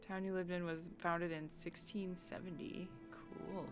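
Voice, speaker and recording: A woman's voice: fairly low pitch, flat delivery, measured pace. A woman from the United States chatting casually with viewers on a live stream, bubbly and giggly as she reads chat aloud and riffs on it. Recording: faint game music behind.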